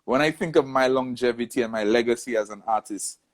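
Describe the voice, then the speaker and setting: Animated male storyteller. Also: medium pitch, brisk. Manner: animated storyteller, acts out quoted voices. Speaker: soca artist, interview guest. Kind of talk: casual storytelling interview.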